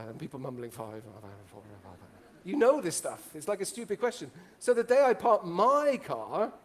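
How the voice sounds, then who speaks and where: A middle-aged man with a rather high-pitched voice tells lively stories to a room full of listeners. He jokes and quizzes the audience as he goes, in an animated, playful manner. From Italy. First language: Italian. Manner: animated and joking, asks the audience questions. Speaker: speaker. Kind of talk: storytelling talk to a live audience.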